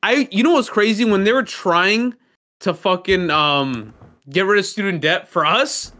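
A man's voice: sits high, measured pace, sharp tone. A young man co-hosting a podcast in casual chat, ranting with heavy swearing and emphasis. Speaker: podcast co-host.

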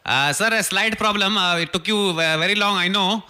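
A man's voice: sits high, brisk, bright, forceful tone, clean tone. A man voicing a pushy male bank manager in a radio prank call sketch, speaking broken English and repeating "sir" insistently.

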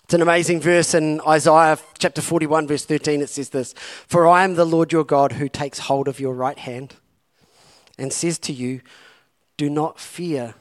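A man's voice: on the high side, steady tone, moderate pace. A man preaching a sermon as campus pastor, urging his listeners on with impassioned, repeated calls. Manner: impassioned, repetitive exhortation.

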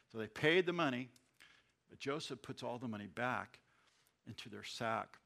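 A man's voice: medium pitch, bright, forceful tone. A man teaching verse by verse through a scripture passage, reading and then explaining in a conversational way, often restarting his words. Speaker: Bible teacher. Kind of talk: verse-by-verse sermon.

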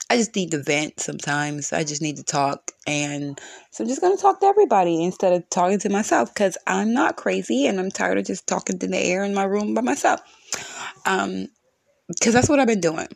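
A woman's voice: fairly low pitch, creaky, no room sound, studio quality. A woman hosting her own solo podcast from her room at home, venting bluntly and cursing often in a frustrated rant. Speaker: podcast host.

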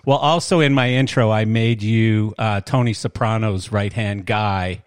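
Older guy hosting a podcast, lowish voice, rambly and joking at himself, dry sound. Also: steady tone, unhurried, smooth, no echo. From Canada. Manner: rambling, self-deprecating, chatty. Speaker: podcast host. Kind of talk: casual podcast chat.

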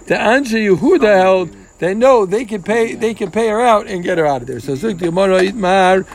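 High, gravelly man teaching a Talmud class. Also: animated, fairly quick. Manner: explains step by step, mixes Hebrew-Aramaic terms into English, joking asides. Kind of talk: casual Gemara class.

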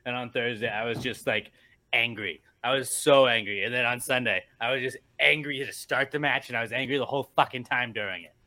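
A man's voice: medium pitch, fairly quick, pushed and bright. A young man on a podcast, ranting angrily and swearing about his football team's losses. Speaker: podcast co-host. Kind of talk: casual podcast rant.

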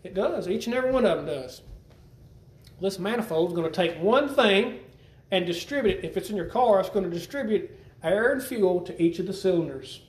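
Fairly quick and animated, a preacher whose voice is high for a man delivers a conversational sermon. He questions the congregation and repeats phrases, and the recording carries a church hall's roomy echo.

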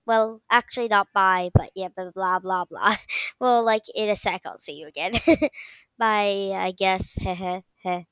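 A woman's voice: medium pitch, measured pace, fairly bright tone, poor audio. A woman hosting a casual podcast who rambles, giggles and trails off with filler phrases. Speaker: podcast host.

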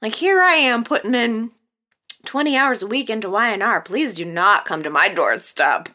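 Lively bright-voiced woman chatting to viewers. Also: on the high side, normal speed. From American Midwest and Texas. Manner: chatty, laughs often, playful teasing asides. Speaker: soap opera chat show host. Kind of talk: casual chat to viewers.

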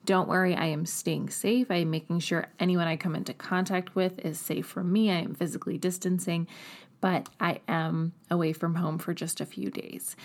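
Away from the studio while traveling, a woman hosts her own podcast with a chatty, upbeat monologue. Her voice is fairly low and a little mellow.

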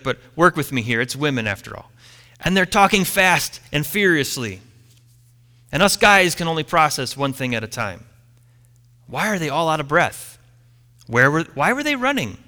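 A man preaching a sermon, retelling a story with dramatic pauses and letting line ends fall quiet. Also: a little high, in a large hall. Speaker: pastor.

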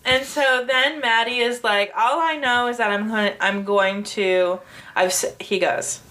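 A woman casually chatting as podcast co-host, telling a story with lively acted-out quotes, frequent laughter and swearing. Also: fairly high pitch, unhurried. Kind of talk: casual chat recapping a TV episode.

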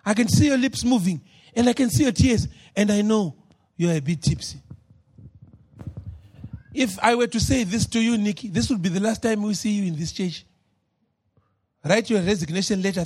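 A man preaching a sermon as pastor, moving between shouted, drawn-out lines and low, quiet asides. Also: lively intonation, slightly rough.

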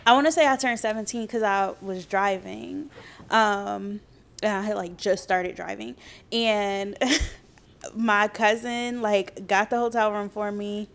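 A young adult woman in casual chat, telling her own story in a relaxed, laid-back way. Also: mid-range voice, measured pace, gravelly, a little hiss or hum.

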